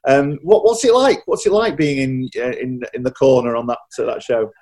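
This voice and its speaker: A man interviews a guest at a brisk clip. His voice is a little husky. He reacts eagerly and keeps checking in with tag questions. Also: medium pitch, sing-song, a little mellow. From Yorkshire. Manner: enthusiastic, trailing off with tag questions.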